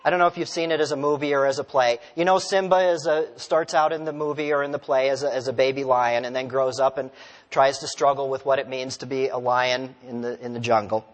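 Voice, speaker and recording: A male pastor preaching a sermon in a relaxed, conversational way, telling stories and asking the congregation questions. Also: medium pitch, brisk. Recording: long reverb of a large hall.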